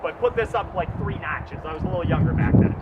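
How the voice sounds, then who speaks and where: A man, a track coach, tells a story as a lecture, talking loud and fast. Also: a little high, narrow, tinny audio, very noisy. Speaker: track coach giving a presentation.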